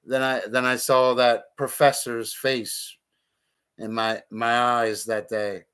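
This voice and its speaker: A man's voice: medium pitch, little pitch movement, slow, a bit bright, clean tone. A man streaming a casual monologue, talking bluntly and profanely with heated outbursts.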